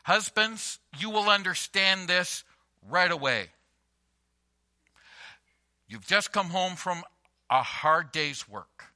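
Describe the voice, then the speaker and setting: A man's voice: high-pitched, slow, pauses often, sharp tone. A male pastor preaching a sermon to a congregation, emphatic and conversational, telling everyday stories with repeated phrases. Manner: emphatic, conversational storytelling with repetitions. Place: church before a congregation.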